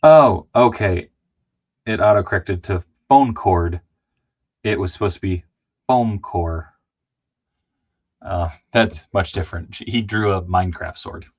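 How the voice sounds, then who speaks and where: A man chatting casually while painting a toy figure on a livestream, laughing and lively as he tells stories. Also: unhurried, pauses often. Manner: animated, laughing, jumps into high excited voices when telling stories. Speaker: co-host of a toy customizing livestream. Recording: slightly dull lo-fi stream audio.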